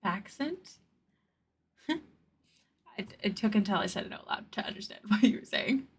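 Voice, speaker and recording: A woman's voice: mid-range voice, expressive, moderate pace, gravelly, breathy edge. A woman chatting casually on her art live stream, thanking viewers and answering chat, with an occasional stutter. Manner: stutters at times.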